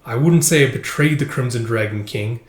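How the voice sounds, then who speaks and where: Male reader doing a weary undying young man; resigned, quiet, slow delivery, echoey room. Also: mid-range voice, close to an everyday voice. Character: weary immortal young man seeking death. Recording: roomy echo.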